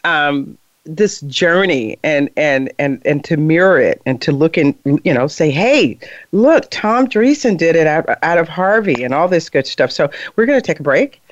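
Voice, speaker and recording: A woman's voice: low voice, expressive, normal speed, no echo. A woman hosting a radio talk show, speaking casually and loosely as she sends the show to a break. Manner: casual, loose, trailing phrases. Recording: dull, dry studio sound.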